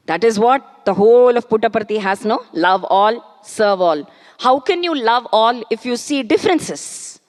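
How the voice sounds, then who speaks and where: A woman giving a devotional discourse, acting out questions and answers and chanting verses slowly. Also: a little high, animated. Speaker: spiritual speaker. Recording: long hall reverb.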